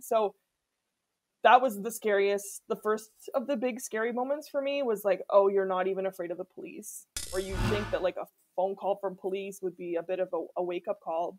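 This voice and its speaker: A woman's voice: mid-range voice, a little mellow. A woman from Canada, talking candidly in a documentary interview in a chatty way, full of fillers. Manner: candid, chatty, many fillers like "like" and "you know". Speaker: interviewee telling of being stalked.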